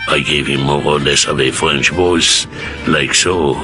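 A man's voice: extremely low pitch, fairly even intonation, measured pace. A man, a voice actor, telling anecdotes in an archival interview and demonstrating voices. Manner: storytelling, slips into character voices. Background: music.

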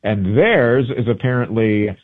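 A man's voice: medium pitch, lively intonation, a little slow. A man, a travel book author, chatting in a radio interview and telling rambling stories, often correcting himself mid-sentence. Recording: tinny phone-line audio.

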